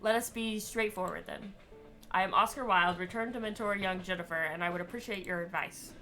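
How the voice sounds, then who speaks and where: A woman's voice: medium pitch, brisk, pushed and bright, soft background music, lightly acted. A woman reading the lines of a formal, flowery male ghost, a genteel old-fashioned writer. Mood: courtly.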